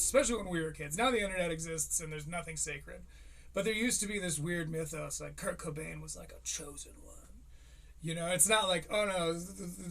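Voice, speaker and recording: A man in his thirties giving rambling, profane comedic commentary on a live stream. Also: high voice. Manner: rambling, profane, animated impressions.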